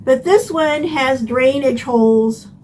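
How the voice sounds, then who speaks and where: An older woman hosting a home gardening lesson, explaining step by step in a plain, unhurried way. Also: sits high, a little mellow, a little hiss or hum. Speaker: gardening channel host. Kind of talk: instructional gardening video.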